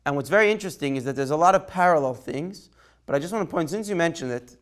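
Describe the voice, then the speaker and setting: Male rabbi, a bit higher pitched, conversational lesson style with lots of back and forth with the class. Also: expressive, fast talker. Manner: conversational, takes questions by name, asks "right?". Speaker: rabbi teaching a Torah class. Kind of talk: informal Torah lesson.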